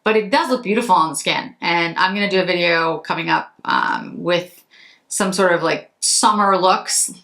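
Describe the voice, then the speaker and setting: A woman's voice: on the low side, sing-song, normal speed, creaky, pushed and bright. A woman beauty vlogger from Massachusetts, chatting casually and rambling a little as she goes through products. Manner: chatty, rambling, self-correcting. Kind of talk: casual chat.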